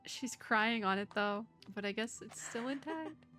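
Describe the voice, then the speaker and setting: A woman's voice: on the high side, measured pace, sharp tone, soft background music. A woman hosting a let's play, reading game text aloud and reacting with emotional, tearful, laughing, rambling commentary. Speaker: VTuber let's play host.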